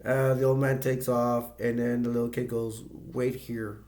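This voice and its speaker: A man giving a casual movie review, retelling the plot in a rambling, halting way with many restarts. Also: medium pitch, flat delivery, darkish tone.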